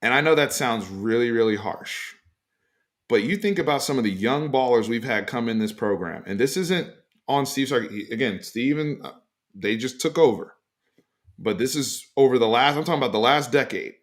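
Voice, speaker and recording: A man hosting a casual sports talk show, giving emphatic opinions in a loose, animated way with frequent fillers. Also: medium pitch, moderate pace. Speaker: sports podcast host.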